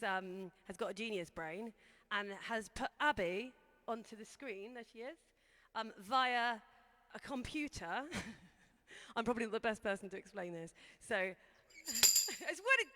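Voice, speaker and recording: A woman's voice: medium pitch, a bit bright, big-room sound. A woman in a band talking nervously and ramblingly to an audience after a live set. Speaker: band member. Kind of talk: casual stage talk to a streamed audience.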